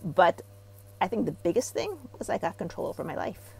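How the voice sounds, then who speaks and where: Husky, gravelly middle-aged woman. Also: lowish voice, a little fast, low-quality recording. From Israel. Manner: animated storyteller, rising loud when acting out quotes. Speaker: guest, therapy practitioner. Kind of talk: casual interview talk.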